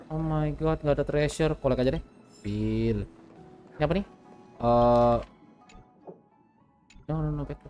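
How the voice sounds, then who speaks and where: A man streaming a game, commenting in a loud, excitable, chatty way. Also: a little high, moderate pace, long pauses. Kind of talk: casual gaming commentary. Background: game music.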